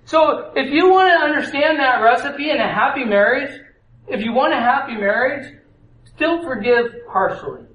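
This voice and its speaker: A man's voice: very high voice, animated, normal speed, a bit bright. A man giving a conversational sermon on marriage, asking his listeners questions and acting out the voices in the stories he tells. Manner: conversational, asks the audience questions; acts out story voices. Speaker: preacher. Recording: echoey room.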